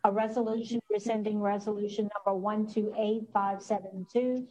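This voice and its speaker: A woman clerk reading a resolution aloud at a council meeting in a flat, even voice. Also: mid-range voice, moderate pace, poor audio.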